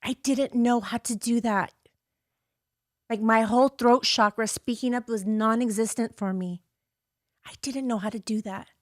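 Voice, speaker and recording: Her voice sits fairly high and holds a steady tone at a moderate pace, recorded in studio quality without echo. As a podcast host, she shares a painful personal story frankly and with intense feeling, swearing without restraint and acting out quotes by changing her voice.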